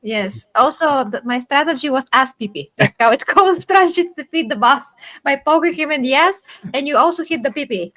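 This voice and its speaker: A woman's voice: sits high, lively intonation, brisk, a bit bright. A woman from Eastern Europe hosting a casual livestream panel chat over a video call, leading the talk and joking with a giggle. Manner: giggly, jokey, leads the discussion. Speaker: show host.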